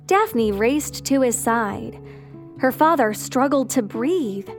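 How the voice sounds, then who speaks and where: A woman narrating a dramatic family story in a scripted, even storytelling delivery. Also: on the high side, slow pace, soft background music.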